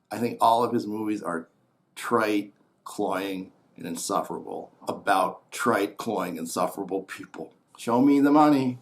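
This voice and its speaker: A man rambling through a casual comedic monologue, blunt and opinionated, trailing into muttered asides. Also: medium pitch. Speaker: host.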